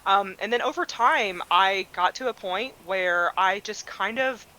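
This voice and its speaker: Female guest, bright clear tone, relaxed, thoughtful and self-deprecating. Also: mid-range voice, measured pace, low-quality recording. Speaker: guest designer. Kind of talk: casual interview chat.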